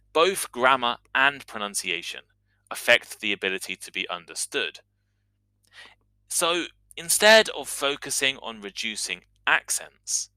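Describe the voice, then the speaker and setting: Bright, crisp male English teacher. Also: mid-range voice, no room sound, poor audio. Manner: clear, explanatory, demonstrates sounds. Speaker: English teacher and podcast host. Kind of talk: scripted educational podcast monologue.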